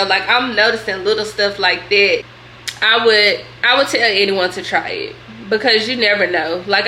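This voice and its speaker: A woman's voice: medium pitch, bright, forceful tone, slight background noise. Chatty, candid young woman in an echoey room. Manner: candid and chatty, slangy, emotional at times. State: tearful at times. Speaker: vlogger. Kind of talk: candid vlog Q&A.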